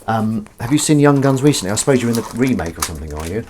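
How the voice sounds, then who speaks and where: A man's voice: on the low side, lively intonation, racing, noisy background. A man hosting a casual livestream from home, chatting with viewers in a rambling, self-mocking way. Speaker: livestream host. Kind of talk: casual chat with live chat viewers.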